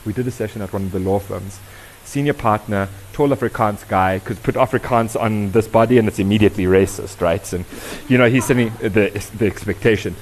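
Workshop facilitator, South African man, conversational and engaging, lower pitch, slight hiss. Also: a little fast, hardly any pauses, rough recording. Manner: lively, conversational, quizzing the audience. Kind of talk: interactive talk to an audience.

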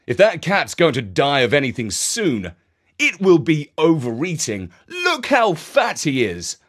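A man's voice: on the high side, wildly swooping pitch, unhurried, pitched above the performer's own voice, heavily acted. A man playing a blunt, teasing uncle in a children's audio story, his tone matter-of-fact.

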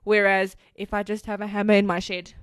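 A woman's voice: mid-range voice, level tone, fairly quick, clean tone, dry recording. A woman co-hosting a casual chat, telling a story with lots of restarts and fillers. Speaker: podcast co-host.

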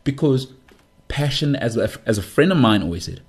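A husky-voiced man hosts a sports podcast. His pitch swings widely as he rants through his opinions, firing off rhetorical questions and quick asides. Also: lively intonation. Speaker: podcast host.

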